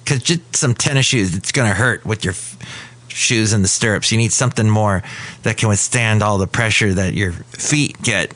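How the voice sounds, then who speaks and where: Hosting a casual comedic podcast from a café, a Californian man rambles and corrects himself mid-thought. His voice is on the low side and fairly bright, at a moderate pace.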